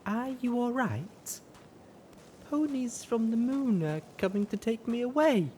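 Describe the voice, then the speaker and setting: A man voicing a drugged, dreamy mare who croons in a slow, drawn-out voice. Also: very high-pitched, lively intonation, a little mellow, slight background noise, voice pushed up.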